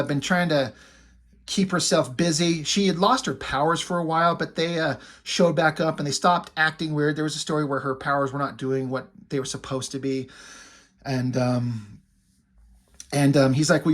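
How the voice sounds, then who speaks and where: A man with a somewhat high-pitched voice talks through a comic plot in a loose, chatty way. He keeps slipping into paraphrased dialogue and casual asides as he recaps scene by scene. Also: a bit bright. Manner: chatty, retells scenes with "he's like" quotes. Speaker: comic book reviewer.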